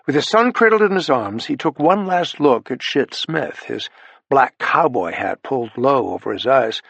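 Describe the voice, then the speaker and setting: A male audiobook narrator reads in a measured, even way. His voice is gravelly and husky, recorded close and dry. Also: mid-range voice, no echo. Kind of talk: scripted narration.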